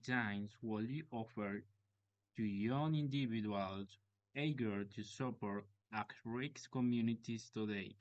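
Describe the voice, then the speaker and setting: A man whose first language is Spanish, an English learner reading out prepared questions in a hesitant, halting way. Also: fairly low pitch, no room sound, muffled recording.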